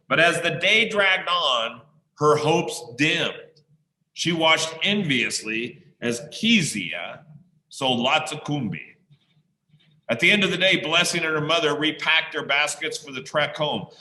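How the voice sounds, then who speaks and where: Guy teaching, reads a story to his class then quizzes them, super bright voice in an echoey room. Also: medium pitch. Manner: slow, pausing to quiz listeners. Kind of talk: reading a story aloud to a class.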